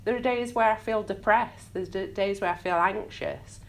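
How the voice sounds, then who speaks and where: A woman's voice: mid-range voice, normal speed. A woman in her thirties with a Sheffield accent speaks openly to a room of listeners. She is frank and self-deprecating, with easy laughter and a mid-range voice. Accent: Sheffield English. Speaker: public speaker. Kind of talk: live talk to an audience. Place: community hall talk.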